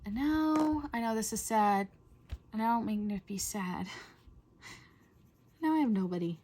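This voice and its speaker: A middle-aged woman hosting a coloring video, chatting in a rambling way and often dropping to a soft whisper. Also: on the high side, lively intonation, unhurried. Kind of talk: casual chat while coloring.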